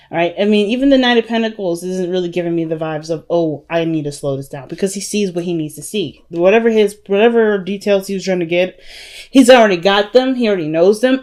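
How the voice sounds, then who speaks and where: With a medium-pitched, darkish voice, a tarot reader talks her viewers through a casual reading in a chatty, emphatic way. She often says "you know" and "right?" and calls them "family" and "y'all".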